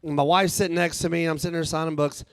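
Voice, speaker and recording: A man's voice: a little high, fairly even intonation, rapid-fire, clear, resonant tone, no room sound, clean studio sound. A man doing a rambling, crude stand-up set on a live stage, laughing at his own jokes. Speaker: stand-up comedian and author.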